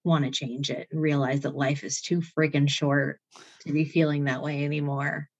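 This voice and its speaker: A woman's voice: low-pitched, flat delivery, normal speed, dull audio. A woman guest on a podcast, talking in an effusive, motivational way and laughing often. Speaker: author writing a self-care book. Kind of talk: enthusiastic conversation.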